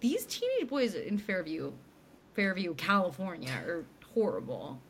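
A woman's voice: lowish voice, measured pace, slight background noise. A young woman co-hosting a podcast, chatting casually and acting out characters' lines as she recaps an episode. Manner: animated retelling, acts out characters' lines. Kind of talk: casual chat.

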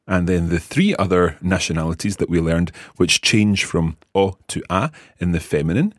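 A man's voice: low voice, normal speed, dry recording, clean studio sound. A Scottish man hosting a podcast language lesson, patiently explaining and repeating words for his co-host. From Scotland.

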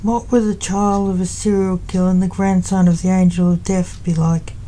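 A woman's voice: on the low side, little pitch movement, normal speed, warm tone, slight background noise, close to an everyday voice, rough recording. A woman voicing a cocky young man who mocks and baits people while reading a story. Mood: mocking. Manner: teasing and mocking.

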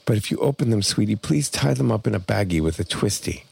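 A man's voice: fairly low pitch, lively intonation, vocal fry, a little mellow, husky, pitched above the performer's own voice, exaggerated voice. A man voicing his frail, bitter older mother near the end of her life, speaking faintly with little strength behind it. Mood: tender. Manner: faint rushing rant, barely above a whisper.

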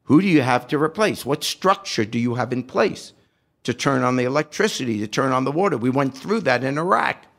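A man's voice: mid-range voice, expressive, brisk, vocal fry, fairly bright tone. An older man giving impassioned, indignant political commentary, firing off rhetorical questions with a sarcastic edge. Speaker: podcast guest.

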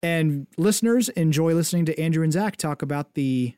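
Easygoing podcast guy, kinda high voice, jokey, dry mic. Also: brisk, mellow, no room sound. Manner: joking, easygoing. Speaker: podcast co-host. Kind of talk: casual chat.

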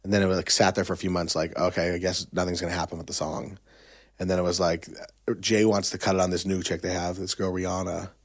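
A middle-aged songwriter and agent tells a story in casual conversation, his deep voice moving quickly. He's animated, quotes others, and uses lots of fillers.

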